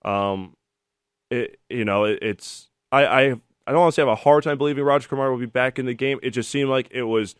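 Quick-paced and smooth, this mid-range male voice belongs to a sports call-in radio host in his thirties who chats and tells stories between callers, animated during anecdotes. It's recorded on a studio microphone, studio quality, with no room sound.

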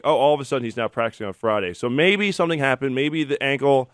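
A man's voice: mid-range voice, fast talker, no echo, studio quality. A man in his thirties hosting a sports call-in radio show, chatting and telling stories between callers. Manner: chatty, storytelling, animated when telling anecdotes. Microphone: studio microphone.

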